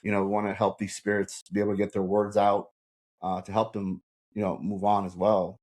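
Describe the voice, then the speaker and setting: Animated, low-voiced man telling stories. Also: a little fast. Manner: animated storyteller with many repeats. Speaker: paranormal investigator guest. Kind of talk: casual podcast conversation.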